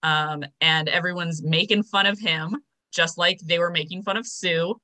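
A woman's voice: on the low side, fairly even intonation, normal speed, sharp tone. A young woman co-hosting a podcast, casually recapping a TV episode, chatty and full of fillers. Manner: chatty, filler-heavy, storytelling. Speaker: podcast co-host.

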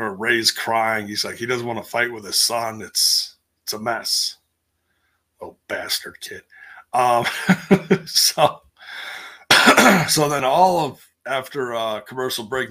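Slow-talking man with a bright voice. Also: medium pitch. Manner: rambling, many fillers and restarts, reads viewer comments. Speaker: live stream host recapping wrestling. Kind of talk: casual chat.

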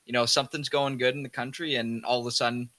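A man's voice: medium pitch, level tone, fast, pushed and bright. A young man co-hosting a podcast, telling crude stories in laughing, swearing casual chat. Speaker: podcast co-host.

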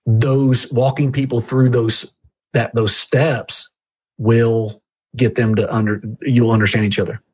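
A man speaking as a guest, giving an energetic, emphatic sales-coaching talk straight to the listener. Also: unhurried, husky. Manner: emphatic, jumpy pitch, direct address to listener. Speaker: guest reviewing a book on sales.

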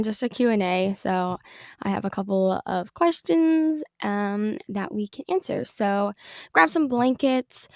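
A young woman with a slightly congested voice chats through her solo podcast, rambling and filling pauses with ums. Her tone carries a gravelly fry, and the recording sounds close and dry, as if made in a small closet. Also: fairly high pitch, dry recording. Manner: rambling, chatty, with many ums. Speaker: podcast host. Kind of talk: casual solo podcast chat.

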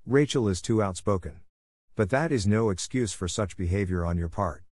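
A strict middle-aged woman scolds with severe, dry authority, as a man reads her part with a low voice. The sound is close and free of room echo. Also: lively intonation, normal speed, darkish tone. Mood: stern.

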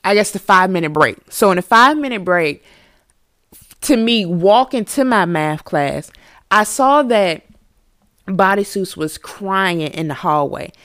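A woman podcast host telling a storytime monologue in a candid, profane, animated way. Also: mid-range voice, unhurried, no echo, studio quality.

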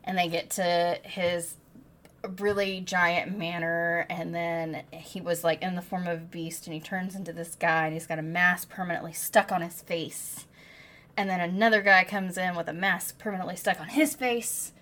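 Animated woman recapping a book. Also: lowish voice, normal speed. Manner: animated, swearing, dramatic retelling. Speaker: podcast co-host. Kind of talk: casual book-club chat.

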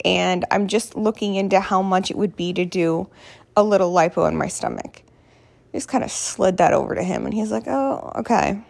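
Woman, 30s, podcast host, gravelly, chatty, self-mocking. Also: mid-range voice, darkish tone. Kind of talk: casual chat. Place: at home, not her usual podcasting room.

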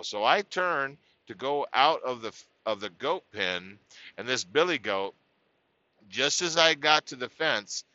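A man spins a funny story from his childhood in a chatty, folksy way, laughing at himself and restarting his sentences. His voice is very bright and forceful, recorded dry and close. The recording is slightly dull and lo-fi. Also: medium pitch, clear, resonant tone, no echo. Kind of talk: humorous personal storytelling.

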